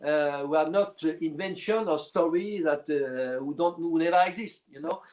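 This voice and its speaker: A middle-aged man, a clarinetist guest speaking in a casual interview and often pausing to search for words. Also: a little high, darkish tone. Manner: halting, searching for words with many fillers.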